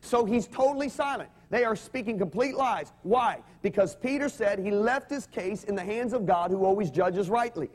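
A man's voice: high-pitched, normal speed, few pauses. A man preaching a sermon, telling stories animatedly and having the congregation repeat his words. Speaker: pastor.

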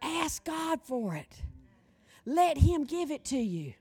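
A woman's voice: high voice, slow pace. A woman in her sixties preaching a sermon, calling for a witness from the congregation and mixing in folksy humor. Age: 60s. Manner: animated, calls for audience response, folksy humor.

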